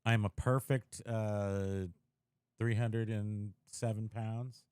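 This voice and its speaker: A man's voice: fairly low pitch, steady tone, slow, darkish tone, smooth, dry recording. A man hosting a casual livestream podcast, joking and rambling while he fusses with his gear. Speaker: podcast host.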